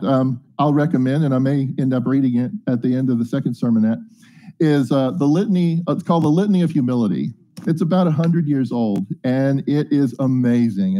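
A man's voice: mid-range voice, dark tone. A man preaching a casual, folksy sermon, chatty and joking as he reads and explains scripture. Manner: folksy, chatty, jokes and asides.

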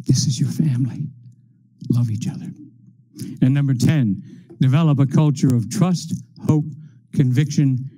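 A man preaching a sermon, working through numbered points in a slow, measured way. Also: medium pitch, dark tone, low-quality recording.

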